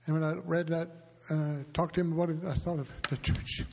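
Pastor guy talking to his church, emotional and halting, kinda flat tone, big echoey hall. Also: a little high, creaky, slightly rough. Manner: halting, emotional, with light humor. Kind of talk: heartfelt address to congregation. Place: church sanctuary. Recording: long reverb of a large hall.

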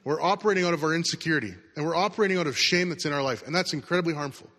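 A middle-aged man gives a sermon in a relaxed, chatty storytelling manner. His voice sits a little high for a man and sounds bright and forceful. The sound carries a long hall reverb. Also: racing. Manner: casual, conversational storytelling with acted quotes. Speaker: pastor.

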